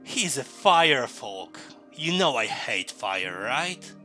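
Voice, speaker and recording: A lizardlike swordmaster from a tabletop fantasy game, voiced by a man complains with bitter reproach. The talk is slow and crisp. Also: medium pitch, very animated, bright, forceful tone, faint music behind, exaggerated voice. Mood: reproachful. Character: hostile dream version of a lizardlike t'skrang swordmaster.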